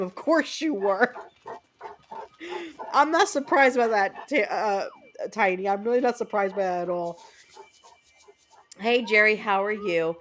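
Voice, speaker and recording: A woman's voice: mid-range voice, slight background noise. A woman in her thirties chatting casually with her viewers as a game streamer, telling blunt stories full of fillers and the odd curse word. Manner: blunt, chatty storytelling with frequent fillers and cursing.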